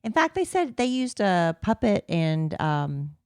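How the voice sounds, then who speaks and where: A woman co-hosting a podcast in easygoing chat, drifting from point to point. Her voice is low and clear, with a smooth tone. The recording is dry and close. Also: sing-song, unhurried, a little mellow, dry recording. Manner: chatty, rambling asides. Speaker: podcast co-host. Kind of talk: casual chat.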